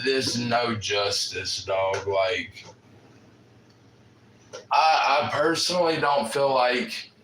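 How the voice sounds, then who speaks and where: A man's voice: medium pitch, fairly bright tone, a little hiss or hum. A man hosting a casual livestream, talking in slangy, profane chat and calling everyone bro. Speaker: livestream host. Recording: echoey room.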